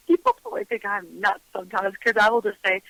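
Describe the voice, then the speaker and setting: A woman guest on a radio interview, telling animated stories and laughing often as she acts out what people said. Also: medium pitch, brisk, no echo, rough recording. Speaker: guest, psychic mother. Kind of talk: casual radio interview storytelling.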